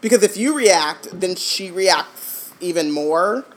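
A woman's voice: fairly low pitch, expressive, takes it slowly. A woman co-hosting a book discussion podcast, chatting casually, laughing often and trailing off mid-thought. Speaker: podcast co-host. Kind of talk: casual chat.

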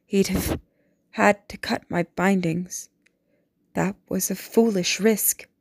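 A woman voicing a composed, cunning noblewoman and mother, soft, controlled and persuasive. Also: mid-range voice, steady tone, takes it slowly, gravelly, breathy edge, no echo, clean studio sound, heavily acted. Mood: firm.

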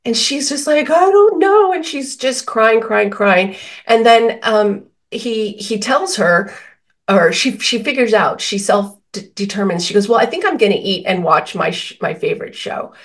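A woman's voice: mid-range voice, measured pace, fairly bright tone. A woman guest on a podcast interview, explaining feelings with everyday examples and quoted dialogue. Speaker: author and guest.

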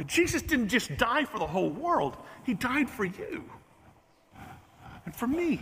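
A man's voice: very high-pitched, unhurried, pauses often, husky, long reverb tail. A man preaching a sermon in a church, joking and poking fun at himself as he speaks to the congregation. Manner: animated, joking and self-mocking, talks to the room. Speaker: pastor. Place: church sanctuary.

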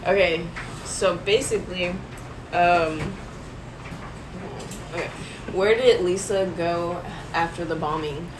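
A woman co-hosting a casual podcast, blunt and giggly with dark humor. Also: on the low side, slow pace, pauses often. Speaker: podcast co-host. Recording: distant mic with clear background noise.

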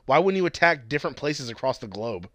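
A man's voice: mid-range voice, lively intonation, quick pace, sharp tone, no echo, studio quality. A man in casual, heavily profane chat, laughing as he reads out his notes. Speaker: podcast co-host.

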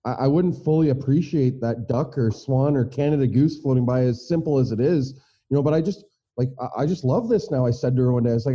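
Earnest middle-aged man, very dark voice. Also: medium pitch, breathy edge. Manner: earnest, halting, with many restarts and fillers. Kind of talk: casual conversation. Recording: dull lo-fi recording.

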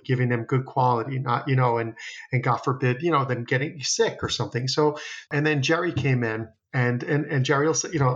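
A man's voice: mid-range voice, muffled recording. A man, a restaurant founder, talking in a casual podcast interview, rambling with many fillers and restarts. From New Jersey.

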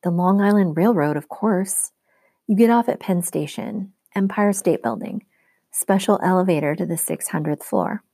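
A woman's voice: lowish voice, expressive, moderate pace, vocal fry, warm tone, no echo, studio quality. A woman reading as an earnest, frustrated teen girl. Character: determined teen girl, demigod camper.

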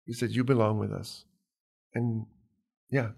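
Male interview guest, gravelly, calm and soft-spoken storyteller. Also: lowish voice, a little slow. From immigrant to New York. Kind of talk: conversational storytelling.

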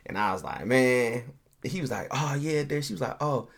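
A man hosting a podcast, telling a long story in a relaxed, animated way, acting out the people he quotes and laughing often. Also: medium pitch, moderate pace, gravelly. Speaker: podcast host. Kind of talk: casual storytelling.

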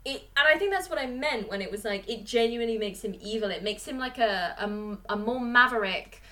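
A woman with a fairly high voice talks in a loose, rambling way. She is an animated co-host in a casual chat, thinking out loud as she goes. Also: fairly quick. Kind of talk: casual chat about a comic book.

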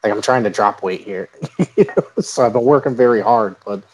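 A man hosting a wrestling podcast, talking in a relaxed and agreeable way with frequent fillers. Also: on the low side, normal speed, breathy edge. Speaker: podcast host. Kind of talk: casual podcast chat.

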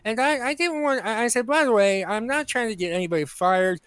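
A man co-hosting a comedy podcast, telling an indignant story in an animated way and acting out the people in it. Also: sits high, a little fast, smooth, dry recording. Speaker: podcast co-host. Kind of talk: casual comedic chat.

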